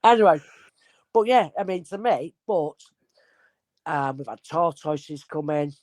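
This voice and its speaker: A woman's low-pitched voice comes across a little slow on a dry recording. A spirit medium on as a guest, she animatedly acts out voices while telling anecdotes in casual conversation.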